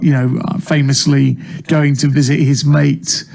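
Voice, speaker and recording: A man's voice: on the high side, flat delivery, unhurried, gravelly, darkish tone. A man, a comic actor, chatting in an interview about his career, self-deprecating and full of restarts, speaking over a video call. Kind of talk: casual interview chat.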